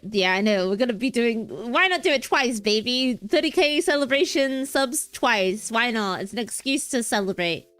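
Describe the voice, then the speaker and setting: A woman's voice: on the high side, expressive, moderate pace, few pauses, a bit bright, clean tone, no echo. Young woman streaming, goofy and rambly, voice bounces up and down, faint music behind. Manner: playful, rambling, giggly. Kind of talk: casual livestream chat.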